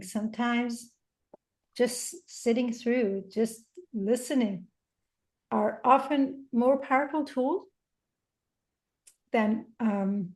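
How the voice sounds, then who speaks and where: A woman who is a guest on a podcast, speaking gently and reflectively about parenting, often restarting her phrases. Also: a little high. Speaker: interview guest, parenting coach. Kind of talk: reflective interview talk.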